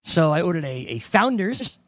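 A man's voice: sits high, animated, normal speed, a bit bright, dry recording. A young adult man hosting a sports radio show, telling a story with lots of animation and repeated words. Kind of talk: casual chat and read promo.

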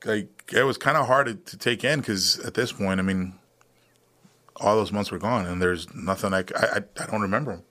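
A man in his thirties, a veteran guest on a podcast, telling his story in a relaxed, matter-of-fact way with many fillers. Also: lowish voice, fairly quick. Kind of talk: casual storytelling interview.

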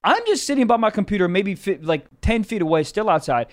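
Animated, profane male podcast storyteller. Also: high voice, fairly quick. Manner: animated, profane, acts out quoted voices. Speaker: podcast co-host. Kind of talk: casual storytelling chat.

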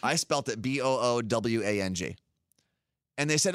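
A man co-hosting a podcast, ranting in animated, exasperated casual chat. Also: medium pitch, moderate pace, dry recording, clean studio sound. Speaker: podcast co-host.

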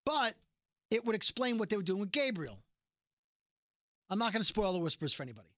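Animated podcast host, bright dry voice. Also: mid-range voice, fast, dry recording. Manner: animated retelling, acts out quoted lines. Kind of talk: casual TV recap chat.

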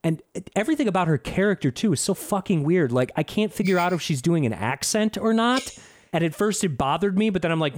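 A man hosting a casual podcast, giving a sarcastic, profane and animated movie review. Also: sits high, fairly quick.

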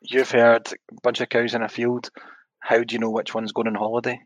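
A man's voice: mid-range voice, monotone, brisk, dry recording, highs cut off. A man co-hosting a podcast, chatting casually and delivering joke punchlines dryly. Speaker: podcast co-host. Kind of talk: casual chat.

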